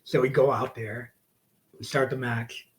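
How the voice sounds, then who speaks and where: Male wrestler, forties, from the United States: loose, profane, animated storyteller with a mid-range voice. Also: medium pitch, measured pace, rough recording. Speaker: wrestler guest. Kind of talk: casual storytelling interview.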